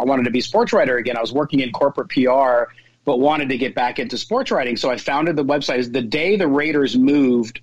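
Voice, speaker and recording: A man's voice: medium pitch, dry recording, muffled recording. A man from the Chicago area, a sports podcast guest, telling his background with some restarts. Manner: fluent storytelling with some restarts. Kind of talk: casual interview talk.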